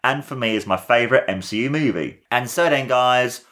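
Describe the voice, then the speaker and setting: A man's voice: mid-range voice, brisk, a bit bright. A man hosting a podcast, giving a casual, enthusiastic and rambling film review with a lot of repeated words. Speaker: podcast host.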